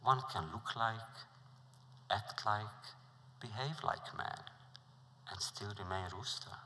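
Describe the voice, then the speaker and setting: A man voicing a patient, polite wise man who reasons gently. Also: on the low side, animated, slow pace, a little hiss or hum, heavily acted. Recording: reverberant lecture hall.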